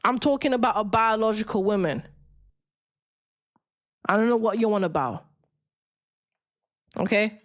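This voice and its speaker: With a mid-range voice and a measured pace full of frequent pauses, a woman hosts a live-stream debate. She lectures her viewers in a combative, mocking way, delivering a confrontational rant.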